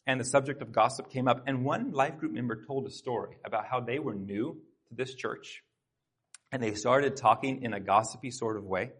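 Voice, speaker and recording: Husky-voiced pastor preaching conversationally. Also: male voice, mid-range voice, a bit bright. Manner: conversational, earnest preaching with asides to the congregation. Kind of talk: sermon. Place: church sanctuary.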